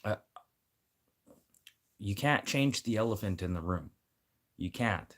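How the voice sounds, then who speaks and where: Deep-voiced guy, blunt and rambling, swears constantly in a loose rant. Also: expressive, slow pace. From Manitoba. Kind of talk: casual rant.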